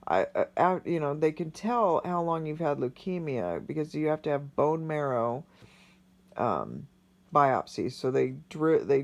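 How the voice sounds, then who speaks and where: Earnest, gravelly-voiced man. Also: mid-range voice. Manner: earnest, halting, emotional. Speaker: vlogger sharing a personal story. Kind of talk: heartfelt personal vlog.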